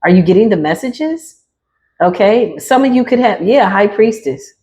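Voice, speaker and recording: A woman's voice: medium pitch, expressive, moderate pace, darkish tone. A woman giving a casual, playful tarot reading straight to her viewers, laughing often and talking in slang. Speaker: tarot reader.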